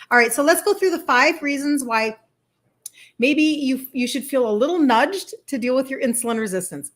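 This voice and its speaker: A woman's voice: mid-range voice, fairly bright tone. A woman in her fifties with a Minnesota accent, hosting a casual live stream, chatty and enthusiastic, with rambling asides. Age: 50s. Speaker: health coach livestream host.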